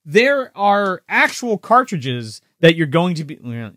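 A man's voice: a little high, very animated, takes it slowly, bright, forceful tone. A man co-hosting a live-streamed podcast, chatting loosely with lots of swearing and restarts. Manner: loose, profane, rambling with restarts. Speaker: podcast co-host. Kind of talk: casual live-stream chat.

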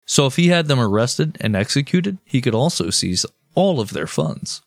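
A man's voice: mid-range voice, very animated, moderate pace, dry recording. A man hosting a casual podcast, telling history in a profane, jokey way. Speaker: podcast host.

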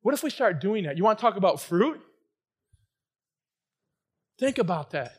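High-voiced man preaching with shouted emphasis. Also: moderate pace, husky. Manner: energetic preaching, often rising to shouted emphasis. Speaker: pastor. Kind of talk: sermon. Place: church sanctuary.

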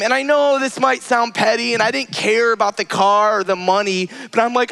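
A man's voice: normal speed, few pauses, fairly bright tone, clear, resonant tone. A man preaching a sermon as a personal story, earnest and conversational, acting out his own cries and the lines of people he met. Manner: acts out his own cries and quoted lines with rising pitch. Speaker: pastor.

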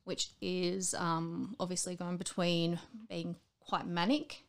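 A woman's voice: lowish voice, slow pace. An Australian woman telling candid stories. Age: adult with school-age children. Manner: candid, animated storytelling, acting out others' voices. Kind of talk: casual chat.

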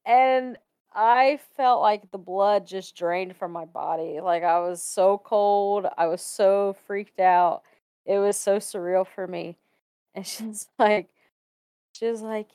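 A smooth, mid-range female voice moves at an unhurried pace as this Ohio guest recounts her ghost story in a relaxed way. Animated and quick to laugh, she mimics the people she quotes; the studio-quality audio has no echo.

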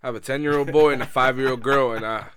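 A man's voice: mid-range voice, fairly even intonation, quick pace, crowd noise. A man who is a guest in a casual podcast chat, easygoing and agreeable, often chuckling along.

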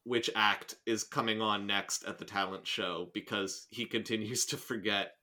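A man co-hosting a casual podcast chat, animated and sarcastic, laughing and restarting his sentences as he reacts to a story he reads aloud. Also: on the low side, moderate pace.

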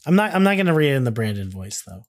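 A man's voice: medium pitch, very animated, very fast. A man co-hosting a podcast in casual chat, rambling with restarts and laughing easily. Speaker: podcast co-host.

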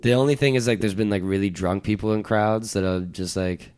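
A man's voice: lowish voice, fairly even intonation, fairly quick, a little mellow, clean tone. A young man co-hosting a podcast in casual chat, talking in a loose and rambling way with a lot of swearing. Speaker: podcast co-host, stand-up comic.

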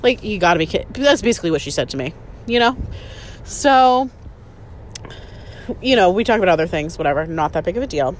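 A woman's voice: on the low side, expressive, fairly quick, long pauses, a little hiss or hum. Chatty sarcastic woman in her thirties. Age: 30s. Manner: chatty, sarcastic, swears freely, fond of "like". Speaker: podcast host. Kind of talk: casual storytelling monologue.

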